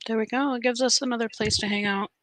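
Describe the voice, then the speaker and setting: A woman co-hosting a livestream, speaking softly and reading out viewer comments. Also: on the high side, steady tone, fast, no echo. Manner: soft-spoken, reading comments aloud. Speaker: co-host. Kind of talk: casual chat on a livestream.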